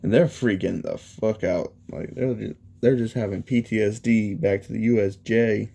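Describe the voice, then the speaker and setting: A man's voice: on the low side, fairly even intonation, normal speed, creaky, warm tone. A man casually retelling a fan story, rambling along with lots of fillers. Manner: rambling, heavy use of "you know" and "he's like".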